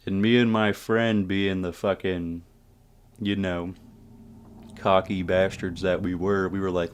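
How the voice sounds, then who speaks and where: Deep-voiced man telling a wild story. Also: a little slow, clean tone. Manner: profane, animated retelling with asides to viewers. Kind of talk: casual story time.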